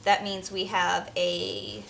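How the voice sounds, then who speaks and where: A woman co-hosting a casual maker livestream, upbeat and quick to laugh while she paints. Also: medium pitch, little pitch movement, creaky, fairly bright tone, a little hiss or hum. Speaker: livestream co-host.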